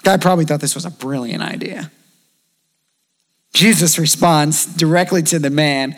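Man in his thirties preaching, fairly high voice. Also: moderate pace, long pauses, a bit bright. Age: 30s. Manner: conversational preaching, acts out quoted voices. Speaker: pastor. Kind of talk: sermon.

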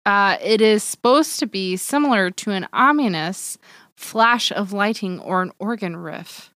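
A woman's voice: medium pitch, unhurried, a bit bright, no room sound. Blunt, swearing woman guest. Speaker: podcast guest, a teacher. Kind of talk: casual chat about a film.

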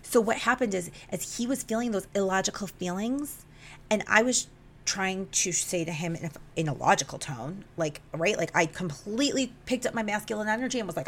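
With a mid-range voice and a slightly fast pace, a young woman tells a raw personal story on her podcast. She gets emotional, swears often, and plays out the exchange in an animated way.

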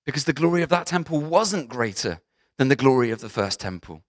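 Male pastor, mid-pitched voice, chatty and animated sermon delivery, keeps checking in with the room. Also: brisk. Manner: lively, conversational preaching with asides to the congregation.

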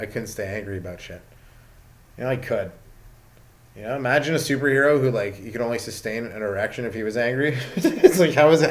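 A young man doing stand-up in a loose, rambling way, piling on asides and restarts. He stays at an ordinary middle pitch most of the time. When a bit gets going he jumps sharply higher and louder. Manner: animated, jumps in pitch and volume when ranting. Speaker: stand-up comedian. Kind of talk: rambling comic monologue.

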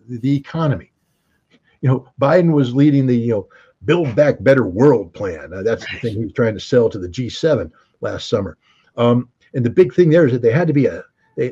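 Emphatic man with a husky, mellow voice. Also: medium pitch, highs cut off. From United States. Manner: emphatic, rhetorical questions, frequent restarts. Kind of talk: casual political commentary.

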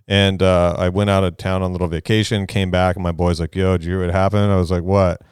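A man's voice: low voice, little pitch movement, fast, darkish tone, clean tone, no echo, studio quality. A middle-aged man, telling stories as a podcast guest in a loose, rambling way. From Southern California. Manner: laid-back, rambling, laughs through stories. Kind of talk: casual storytelling.

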